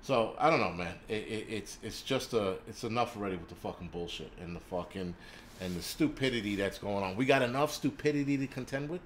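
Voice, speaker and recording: A man's voice: lowish voice, fairly quick, slight background noise. A man hosting a prepping channel, ranting on a livestream and swearing constantly in a crude, combative way. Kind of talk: profane livestream rant. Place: indoors in a city.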